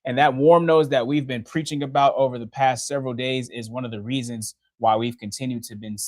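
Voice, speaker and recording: A man's voice: medium pitch, steady tone, fairly quick, darkish tone, dry recording. A young man giving a casual live-stream weather update from a TV studio, chatty and laughing often as he works the radar. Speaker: TV meteorologist. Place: TV station studio.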